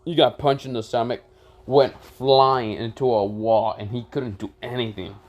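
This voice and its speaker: A man's voice: medium pitch, steady tone, normal speed, a little mellow, muffled recording. Guy rambling thru a fan story, lots of ums and and-all-that. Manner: rambling, filler-heavy, casual. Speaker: channel host telling a story. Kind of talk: casual fan fiction storytelling.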